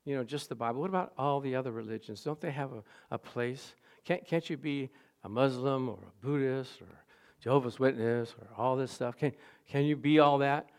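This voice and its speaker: A man preaching a sermon as pastor, telling stories with laughs and bursts of loud exclamation. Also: mid-range voice, moderate pace, clear, resonant tone. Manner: animated storytelling with laughs, rising to loud exclamations.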